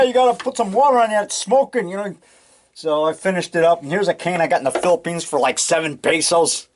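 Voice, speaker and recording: A man in his sixties talks at home with a voice sitting a little high for a man. He rambles casually from item to item, leaning on "you know" and "man" as he goes. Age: 60s. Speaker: filmmaker showing his collection. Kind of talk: casual show-and-tell monologue.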